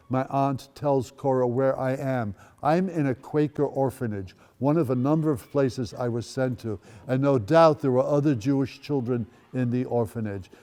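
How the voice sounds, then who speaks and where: A Dutch man in his eighties, invited as a guest speaker at a school event, recounts his life story in a warm, relaxed, mid-range voice. Wry, dry humor slips in between plain recollections, and a long reverb trails each phrase through the large hall.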